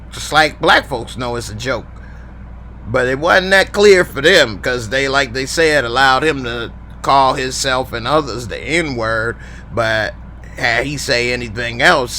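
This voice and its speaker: A man's voice: mid-range voice, a little slow, bright, forceful tone, slight background noise. A man hosting a live show, reading fan comments in a laid-back, slangy, chatty way. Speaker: show host.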